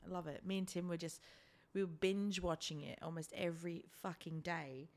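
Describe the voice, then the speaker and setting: A woman's voice: lowish voice, fairly even intonation, moderate pace, darkish tone. A young woman co-hosting a casual podcast, chatty and swearing freely as she drifts off on tangents. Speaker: podcast co-host. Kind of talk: casual chat.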